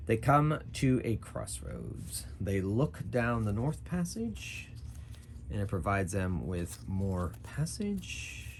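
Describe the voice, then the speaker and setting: A man's voice: lowish voice, wildly swooping pitch, takes it slowly, background noise. A man narrating a solo tabletop game as game master, in a casual manner that thinks aloud.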